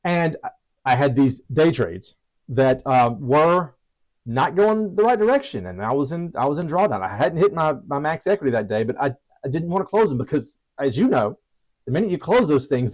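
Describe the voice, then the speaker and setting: Guy explaining trading stuff, chatty and self-deprecating, keeps restarting sentences, mid-pitched voice. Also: lively intonation, moderate pace, rough recording. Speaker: trading educator. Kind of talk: casual teaching monologue.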